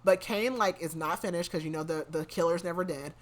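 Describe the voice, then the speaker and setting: A woman's voice: on the low side, fairly quick. A woman hosting a podcast, casually recapping a story in a rambling way full of "like". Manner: rambling, fills speech with "like". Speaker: podcast host.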